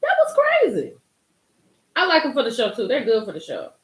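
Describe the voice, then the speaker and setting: A young woman hosting a live recap chat, animated and excitable, talking straight to her viewers by name. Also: fairly high pitch, quick pace, roomy sound. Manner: animated, gets hyped and loud, talks to chat by name. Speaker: livestream host recapping a reality show.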